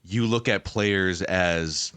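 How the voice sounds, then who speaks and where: A male podcast host reads out listener questions and chimes in with reflective remarks. His voice is fairly low and recorded dry, with no room echo. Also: slow pace, fairly bright tone, smooth. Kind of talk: casual chat.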